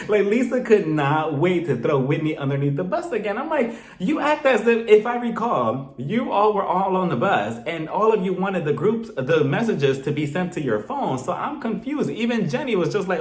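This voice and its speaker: A man's voice: on the high side, lively intonation, brisk, hardly any pauses. A man casually recapping a reality TV episode in an opinionated, exasperated way. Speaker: reality TV reviewer. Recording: roomy echo.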